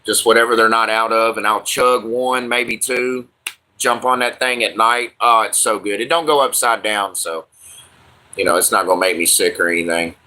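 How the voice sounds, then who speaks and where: A man's voice: fairly low pitch, steady tone, moderate pace, sharp tone. A man hosting a casual livestream, chatting with viewers in loose, slangy, profane banter. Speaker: livestream host.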